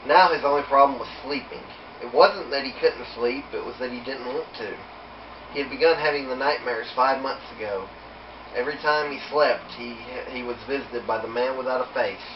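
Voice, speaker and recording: A man reading his own horror story aloud in a steady, unhurried storytelling manner. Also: mid-range voice, background noise. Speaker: author reading his book. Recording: roomy, distant, dull home recording.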